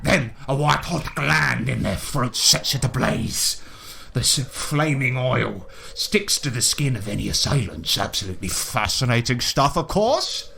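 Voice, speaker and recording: A man's voice: mid-range voice, animated, measured pace, creaky, bright, forceful tone, slight background noise, full character voice. A man voicing a pompous, boastful male explorer who runs a zoo, rambling and swearing constantly. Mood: belligerent.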